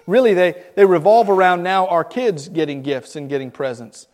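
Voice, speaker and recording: At a moderate pace, a high-voiced man from Miami, Florida, tells Christmas stories to a group in a hall. His delivery is animated, full of stammers and repeated words.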